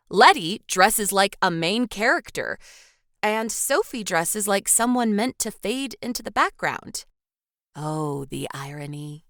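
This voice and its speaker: A woman's voice: mid-range voice, fairly bright tone, no echo. A woman co-hosting a podcast, reading a film recap with dry little asides. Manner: scripted recap broken by dry quips. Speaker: podcast co-host.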